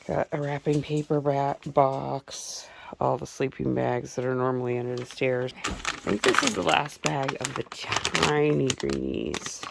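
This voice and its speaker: A woman's voice: rumbling low, vocal fry. A middle-aged woman chatting casually and rambling through a home vlog. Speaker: vlogger. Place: home, indoors. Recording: noisy home recording.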